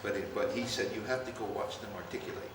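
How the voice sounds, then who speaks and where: An older man conducting a band rehearsal, coaching players and calling out cues in an animated way. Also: lowish voice, fast talker. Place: large rehearsal hall. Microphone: distant room mic. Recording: far-off echoey hall, noisy.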